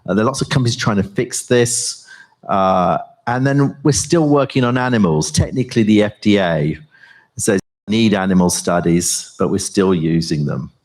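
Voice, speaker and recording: Deep-voiced older male professor speaking onstage. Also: a little mellow. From England. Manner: halting, many fillers and restarts. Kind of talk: conference talk and onstage conversation.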